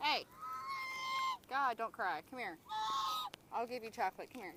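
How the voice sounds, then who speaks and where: A woman's voice: fairly high pitch, very animated, normal speed, pauses often. A woman feeding geese at a park and coaxing them along in a sing-song, laughing way, swearing casually, filmed on a phone outdoors. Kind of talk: casual phone video chatter. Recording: loud outdoor noise with honking geese. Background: honking geese.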